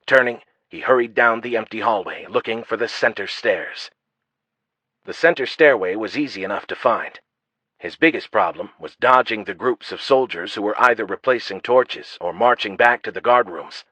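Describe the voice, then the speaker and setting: Low-voiced male audiobook narrator. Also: normal speed, no room sound. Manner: steady, even storytelling. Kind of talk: scripted narration. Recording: dull lo-fi dry audio.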